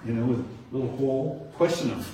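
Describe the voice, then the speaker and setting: Man guide at a nature center, chatty and animated with a group, miked from far off in a very echoey room. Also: mid-range voice, a little fast, slight background noise. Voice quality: chatty, acts out kids' answers with rising tones. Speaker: nature center docent training teachers. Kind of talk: informal talk to a small group. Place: indoor room with a nature diorama.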